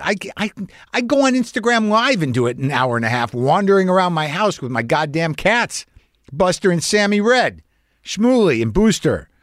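A man's voice: a little high, no echo, clean studio sound. A man, a comedian and podcast host, telling a long story in a rambling, profane, self-questioning monologue.

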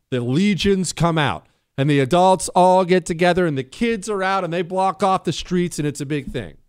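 A male talk radio host with a slightly high voice, recorded dry and close. He hammers home his points by repeating them. He breaks off to tease his co-host. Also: darkish tone, smooth, no room sound. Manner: joking asides, teasing a co-host; emphatic, repeats key phrases.

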